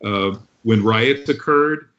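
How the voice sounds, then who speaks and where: Brief: male guest photographer, lowish voice, quick recollections, muffled line. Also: fairly bright tone. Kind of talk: casual podcast chat.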